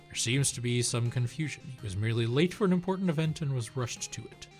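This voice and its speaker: A man's voice: medium pitch, expressive, fast, darkish tone, soft background music, close to an everyday voice. A man reading a stiff formal official. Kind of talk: reading game dialogue aloud on a stream.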